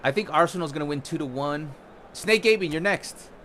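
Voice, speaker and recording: A man's voice: a little high, brisk, fairly bright tone, slight background noise. A young man streaming a football video game, ranting with frequent swearing in casual commentary. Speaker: gaming streamer.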